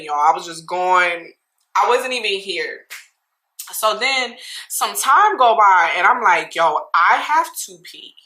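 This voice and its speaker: A young woman from New Jersey telling a casual storytime, chatty and animated, laughing often and talking to viewers directly. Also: fairly low pitch, echoey room, poor audio. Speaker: vlogger.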